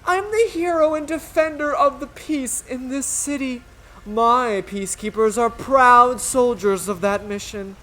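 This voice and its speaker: A woman's voice: fairly high pitch, unhurried, a bit bright, pitched above the performer's own voice. A woman voicing a vain, pompous male director who praises himself grandly. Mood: self-righteous.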